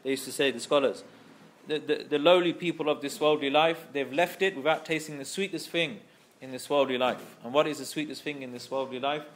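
A man's voice: fairly high pitch, fairly even intonation, fairly quick. A man teaching a scripture class, explaining patiently, repeating key phrases, and carefully pronouncing Arabic terms. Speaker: Islamic teacher.

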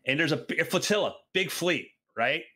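A man's voice: fairly high pitch, expressive, a little fast, sharp tone, breathy edge. A man co-hosting a podcast, telling a playful story in casual chat with many fillers. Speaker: podcast co-host.

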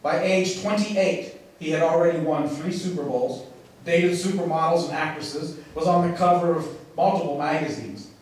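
A man preaches with emphasis and dramatic pauses, his voice sitting a little high. He is picked up from a distance in a church, and the sound rings with heavy echo. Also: steady tone. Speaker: pastor. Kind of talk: sermon. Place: church sanctuary. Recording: echoey, from far off in a large room.

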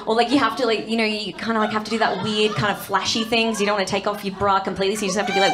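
A young Australian woman performing stand-up comedy, chatty and quick to act out lines, tagging jokes with "right?". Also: mid-range voice, fairly even intonation, a crowd in the background. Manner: chatty, lots of "right?" tags, acts out lines.

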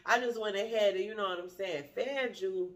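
A woman's voice: mid-range voice, a little slow, lightly acted. A woman quoting a pushy man from her date in a laid-back voice full of filler phrases. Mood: coaxing. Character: smooth-talking man on a date, pushy and casual.

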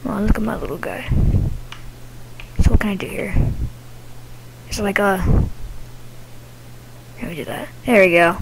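Gamer chatting while playing, mid pitch, whispers sometimes, noisy recording. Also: measured pace, creaky, pauses often. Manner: chatty, reacting to the game, drops into whispers. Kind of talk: let's play commentary.

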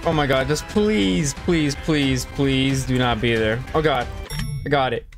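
Excitable, swearing gaming host, a man. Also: medium pitch, measured pace, music in the background. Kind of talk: let's play commentary.

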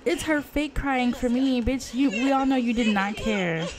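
A woman giving casual, profane commentary on her life-sim game, gasping and reacting loudly. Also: on the high side, normal speed. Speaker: let's play gamer.

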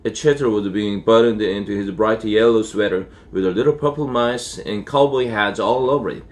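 Reading a storybook aloud, a man whose first language is Korean, an English teacher, works through a children's novel at an unhurried pace, correcting himself and using fillers. His pitch is fairly low.

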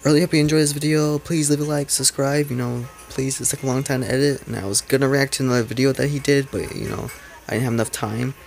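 A man hosts a reaction video with a gravelly, fry-edged voice of middle pitch. He rambles and mocks what he watches, leaning on "like" fillers. Background music plays clearly under his voice. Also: fairly even intonation, quick pace, a little mellow. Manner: mocking, rambling, heavy on "like". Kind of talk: casual commentary.

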